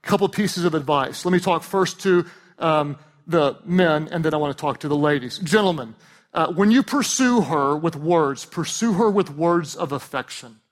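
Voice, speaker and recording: A man with a high, bright voice preaches in an animated, humorous way, leaning into jokes with the crowd and swelling to shouts on the points he wants to land. He delivers it as a pastor speaking from the stage of a large church. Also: normal speed. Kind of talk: sermon.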